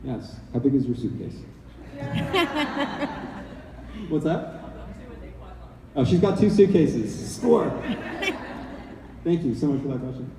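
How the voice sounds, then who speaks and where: A man's voice: mid-range voice, lively intonation, normal speed, background noise. A man from Canada, an actor answering fan questions in a casual, playful and rambling way on a convention stage. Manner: playful, rambling, joking with the crowd. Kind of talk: casual audience Q&A. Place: large convention hall stage. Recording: echoey hall, voice from far off.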